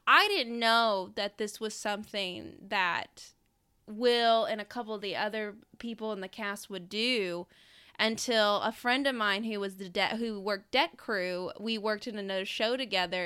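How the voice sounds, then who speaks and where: A woman's voice: medium pitch, normal speed, bright, forceful tone, clean tone. A young woman from the American South co-hosting a podcast in casual chat, laughing often and restarting her sentences. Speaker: podcast co-host.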